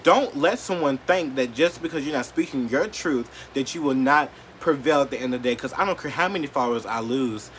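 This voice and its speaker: A man vlogging an emotional rant to camera, blunt and profane, leaning on "like" and swinging between quiet, hurt lows and loud, defiant outbursts. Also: expressive, fairly quick, hardly any pauses, slight background noise. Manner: blunt, profane and heated, heavy use of "like".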